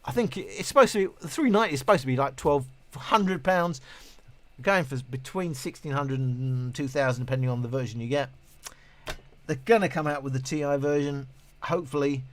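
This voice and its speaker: Speaking briskly in a fairly high voice, a British man runs a relaxed live stream, reading viewers' comments aloud. His chat wanders with many restarts, and he's self-deprecating, laughing at his own expense.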